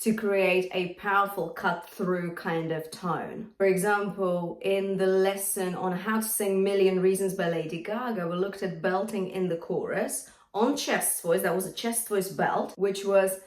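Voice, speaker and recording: Female vocal coach, clear encouraging teaching voice, echoey room, slightly distant mic. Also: mid-range voice, fairly even intonation, a little slow, hardly any pauses. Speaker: singing teacher. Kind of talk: vocal lesson with sung demonstrations.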